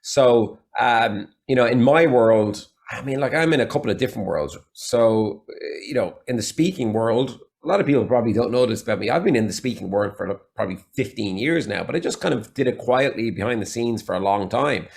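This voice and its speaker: Irish man, mixed accent, podcast guest, candid, rambling chat, mid-pitched voice. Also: lively intonation, fairly quick, vocal fry, hardly any pauses. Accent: Irish, mixed Waterford and Galway. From Ireland, Waterford. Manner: chatty, candid, rambling with asides. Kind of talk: casual interview chat.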